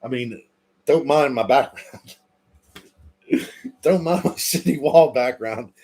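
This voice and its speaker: Male host, 30s, husky, joking livestream banter, mid pitch. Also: takes it slowly, darkish tone. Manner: joking, swearing, laughs often. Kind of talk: casual livestream chat.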